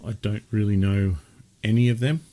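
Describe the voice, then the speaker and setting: Low-voiced chatty male podcast host. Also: fairly even intonation, normal speed, mellow. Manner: chatty, rambling with many restarts. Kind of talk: casual chat.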